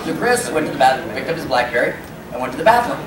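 A man's voice: mid-range voice, sing-song, racing. A man on a convention panel telling a long, rambling story and acting out the quotes. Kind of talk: casual anecdote telling. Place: large convention hall with audience. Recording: echoey hall, mic at distance, crowd noise. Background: audience murmur and room noise.

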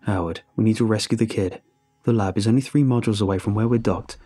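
A man's voice: fairly low pitch, fast talker, warm tone, breathy edge, faint music behind. A man voicing a stern, loyal military captain who talks in a firm, commanding way.

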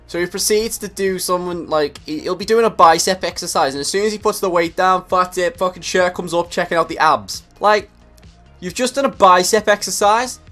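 Young guy, high-ish voice, profane animated comedy rant to camera. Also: normal speed, faint music behind. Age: young adult. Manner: animated, sweary, acts out scenes. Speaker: comedy vlogger.

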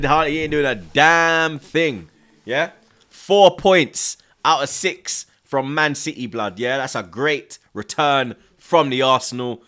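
Young man, live football fan-stream host, brash and taunting, raised voice with a hard bright edge. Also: a little high, clean tone. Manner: excitable, repetitive, taunting rival fans.

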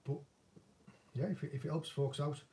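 A man's voice: a little high, fairly even intonation, fast, mellow. A man with a northern English accent, chatting casually and self-deprecatingly as an angling vlogger answering viewer questions. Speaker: angling vlogger and former commercial fisherman. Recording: voice a bit distant from the mic.

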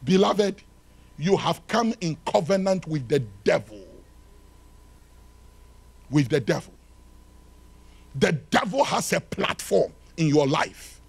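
A male pastor preaching a sermon in a church, swinging from loud shouted lines to hushed ones and acting out little dialogues. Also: a little high, creaky, husky. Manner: acts out dialogue between lovers.

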